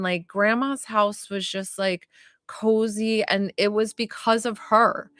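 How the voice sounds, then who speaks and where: A woman working as a psychic medium, giving live readings to viewers in a warm, rambling way with lots of filler words. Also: mid-range voice, no echo, studio quality. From northern United States.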